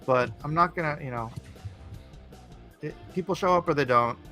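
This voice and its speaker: A man's voice: on the high side, normal speed, bright, forceful tone, faint music behind. A man hosting a livestream, chatting casually and rambling while he draws. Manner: rambling, laid-back, joking. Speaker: livestream host and artist. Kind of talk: casual chat while drawing.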